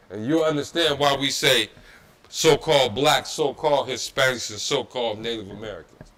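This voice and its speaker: A man's voice: fairly high pitch, a bit bright. A man teaching a religious history class in a preaching style, emphatic and repetitive, with mocking asides. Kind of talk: preaching-style scripture lecture. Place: Detroit.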